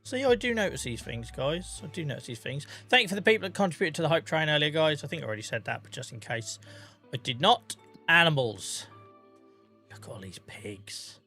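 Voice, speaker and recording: A man in his forties, live streaming a farming game and chatting casually with his chat, joking, laughing often and greeting viewers by name on a boom-arm mic. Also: lively intonation, fast, pushed and bright, soft background music. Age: 40s. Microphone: boom-arm microphone.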